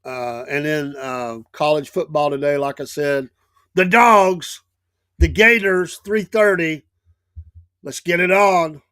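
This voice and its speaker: A man's voice: on the high side, steady tone, slow, bright, forceful tone, clean tone, dry recording, studio quality. A middle-aged man with a Southern US accent, hosting a live show and telling long rambling stories with many restarts. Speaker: show host. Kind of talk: casual storytelling talk.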